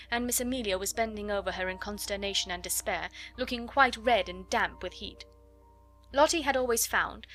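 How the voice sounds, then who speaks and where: A woman's voice: mid-range voice, fairly bright tone. A woman narrating a classic children's novel as an audiobook reader, telling it expressively. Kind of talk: scripted narration.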